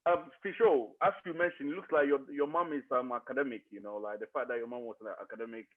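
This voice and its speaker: A man's voice: medium pitch, fairly even intonation, quick pace. A man asking questions in a casual interview, hesitant and full of ums. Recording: tinny phone line over crowd noise.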